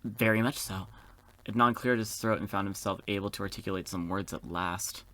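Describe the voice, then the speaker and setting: A man's voice: on the low side, brisk, bright, forceful tone. A man hosting a gaming video, reading a visual novel aloud and breaking off for sassy, campy, profane asides.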